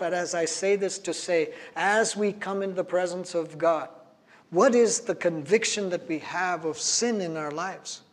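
High-voiced male preacher in a reverberant hall. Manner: earnest, emphatic preaching with slow stressed phrases. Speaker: pastor. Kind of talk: sermon.

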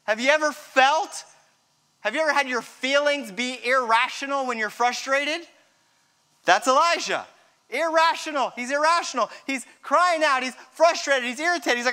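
A man preaching a sermon, retelling a scripture story with dramatic pauses and a hushed drop near the end. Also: extremely high pitch. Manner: storytelling, dramatic drops to a hush.

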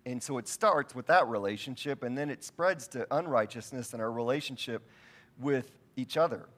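A man's voice: mid-range voice, normal speed, a bit bright. A middle-aged man preaching a sermon, telling stories in a casual, conversational and self-deprecating way. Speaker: pastor.

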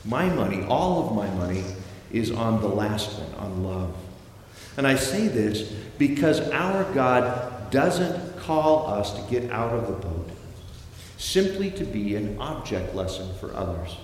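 Here the preacher speaks a little slowly and very animatedly, his pitch medium, as he storytells with dramatic shifts and performs the voices he quotes. The setting is the same large church hall, its echoey reverb carrying faint ambience and slight background noise.

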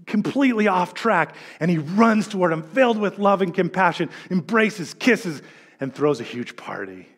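Animated male pastor preaching. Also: high voice. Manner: animated storytelling, acts out quotes. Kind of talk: sermon.

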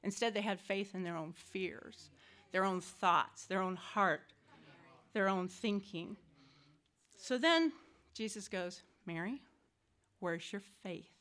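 A woman's voice: mid-range voice, takes it slowly, pauses often. A woman giving a personal scripture reflection to a church group, telling the stories emphatically and with animation. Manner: emphatic, animated storytelling, acts out quotes. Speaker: church member sharing a reflection.

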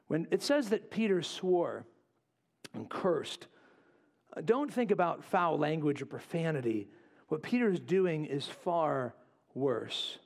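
A male pastor preaching a sermon, acting out quotes and dropping to quiet asides. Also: fairly high pitch, a little slow. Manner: animated, acts out voices in quotes, drops to quiet asides.

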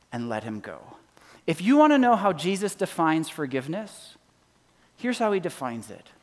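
A pastor giving a sermon, retelling a parable and swinging from loud emphasis to hushed, low endings. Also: male voice, sing-song, normal speed. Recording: reverberant hall.

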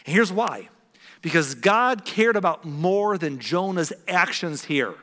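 A man's voice: high-pitched, animated, a little slow, pushed and bright, big-room sound. A man from the American Midwest preaching a conversational sermon, acting out quotes with big jumps in his voice. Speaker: pastor.

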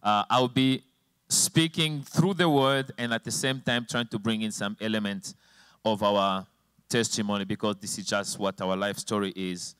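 A man's voice: lowish voice, steady tone, normal speed, a bit bright, clean tone, no room sound. A male preacher telling a personal testimony in a sermon, emotional, his voice rising and falling sharply. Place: church with slides and a helper at the computer.

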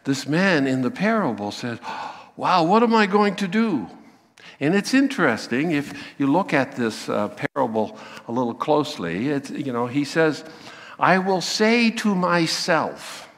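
A man preaching a sermon, acting out the voices he quotes with lively emphasis. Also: mid-range voice, unhurried, big-room sound. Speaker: pastor.

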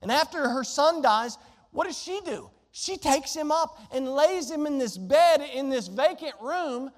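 A man preaching a sermon, telling a Bible story in an animated way and throwing rhetorical questions at his congregation. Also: very high-pitched, measured pace, in a large hall. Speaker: pastor.

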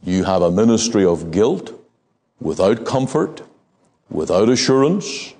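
A man preaching a sermon in a measured, emphatic way, slowing down to stress key words. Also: fairly low pitch, mellow.

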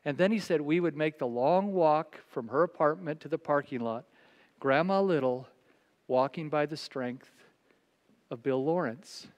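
A man preaching a sermon as pastor, telling a story and dropping to a soft, quiet voice for quoted words. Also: a little high, a little slow, dull audio. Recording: long reverb of a large hall.

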